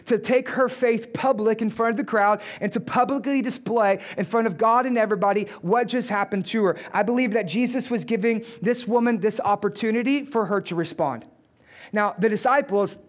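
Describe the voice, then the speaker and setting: A man preaching a sermon, animated and emphatic, building with repeated phrases and dropping into sarcastic asides. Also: high-pitched. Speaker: pastor.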